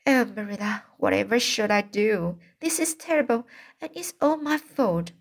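A woman reading aloud, voicing an impulsive, excitable young girl in distress, fretful and pleading. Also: medium pitch, normal speed, creaky.

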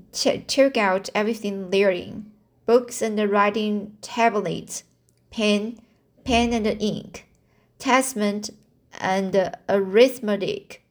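A woman reads a classic novel aloud at a slow, careful pace. She stumbles often, backing up with fillers and restarts, and her pitch sits in the middle range. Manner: halting, with slips, fillers and restarts. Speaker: amateur reader.

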